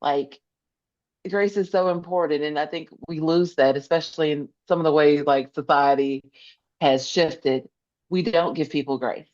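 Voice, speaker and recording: A woman's voice: sits low, normal speed, a little mellow, muffled recording. A woman guest in a podcast interview, talking earnestly and emphatically, repeating phrases to stress her point. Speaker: podcast guest, social worker. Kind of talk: conversational interview.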